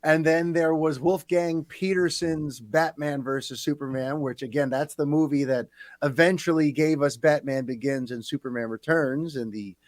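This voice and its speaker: A man hosting a casual podcast chat, talking in a chatty, animated way with quick asides. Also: on the high side, dry recording, studio quality. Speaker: podcast host.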